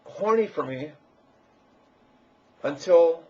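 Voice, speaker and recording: Man with a fairly high, husky voice, rambling crudely and boastfully to camera on a dull lo-fi mic. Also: lively intonation, slow. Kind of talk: rambling personal monologue.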